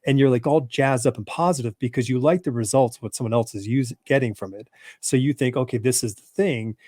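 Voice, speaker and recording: A man's voice: medium pitch, a little fast, darkish tone, no room sound, studio quality. A man hosting a casual podcast chat, telling stories with bursts of emphasis and frequent restarts. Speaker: podcast host.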